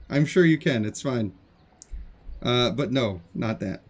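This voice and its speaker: A man's voice: medium pitch, animated, a little slow, pauses often. A man streaming a game live, chatting casually and joking with his viewers. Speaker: gaming streamer.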